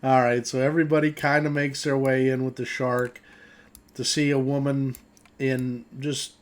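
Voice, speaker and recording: A man running a tabletop role-playing game as game master, narrating scenes and reading rules aloud in a relaxed way, chuckling often. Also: medium pitch, normal speed.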